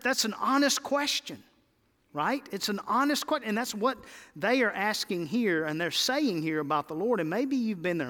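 A man's voice: high voice, a bit bright, long reverb tail. A man preaching a sermon as pastor, rising into emphatic calls to his congregation.

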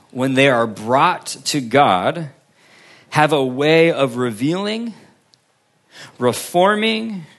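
Man preaching a sermon, dropping to quiet. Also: a little high. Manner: preaching with strong rises and falls, long pauses, drops to near quiet at line ends; asks the congregation questions and answers them. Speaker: pastor.

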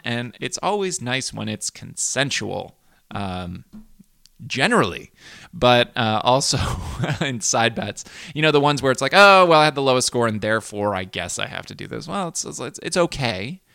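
A man's voice: medium pitch, gravelly, bright, forceful tone, smooth, no echo, clean studio sound. A man hosting a fantasy football league podcast, recapping in a chatty, rambling way with lots of ums and restarts. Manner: chatty and rambling, with frequent ums and self-corrections. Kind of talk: casual solo podcast recap.

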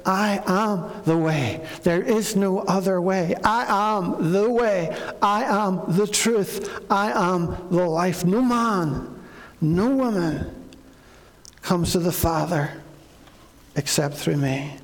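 A man preaches with a high, gravelly voice, slow and deliberate. His earnest words repeat for weight. A long reverb trails each line in the hall. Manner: earnest preaching, with repeated phrases and acted pleas. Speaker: pastor. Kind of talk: sermon.

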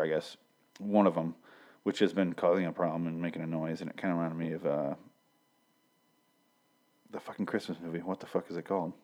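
A man with a very low voice recaps a TV episode in a loose, rambling way. He swears freely, restarts his sentences and drops deadpan jokes along the way. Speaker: show reviewer.

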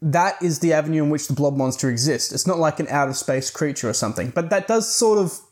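A man's voice: fairly high pitch, lively intonation, fast talker, a little mellow. A man giving a casual, rambling book review, recapping the plot with fillers and the odd swear. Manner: chatty, rambling, swears now and then.

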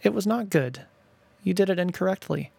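A man's voice: high-pitched, lively intonation, creaky, a little mellow, no echo, voice pushed up, full character voice. A man voicing his three-year-old son, an earnest little boy who stops and restarts as he corrects a bedtime rhyme. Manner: earnest, literal, halting self-corrections.

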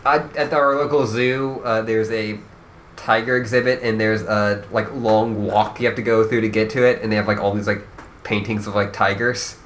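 A man co-hosting a podcast, reading out listener questions and chatting with quick, loose, nerdy enthusiasm. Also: on the low side, steady tone, fairly bright tone, a little hiss or hum. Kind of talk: casual podcast chat.

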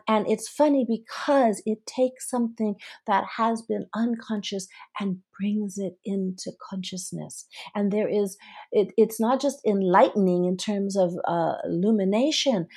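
A woman's voice: mid-range voice, normal speed, darkish tone, breathy edge. A woman therapist as a podcast guest, telling client stories in conversation and acting out their dialogue. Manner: storytelling, acting out client dialogue, frequent laughs.

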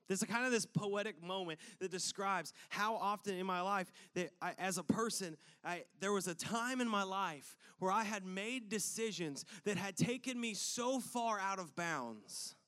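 Man, high voice, sermon-style storytelling, animated, chatty fillers, live audience. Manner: animated, conversational, lots of "like" fillers. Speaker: speaker addressing an audience.

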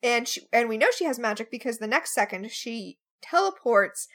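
A woman co-hosts a podcast, recapping episodes in an enthusiastic, chatty way. Her voice sits high and bright, with pitch that swings widely as she talks. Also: normal speed. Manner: enthusiastic, animated storytelling. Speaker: podcast co-host. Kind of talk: casual recap chat.

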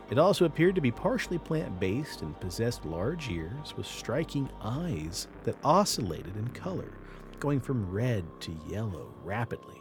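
A man hosting a paranormal podcast, telling a creature story in a lively way with casual asides. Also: medium pitch. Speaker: podcast host.

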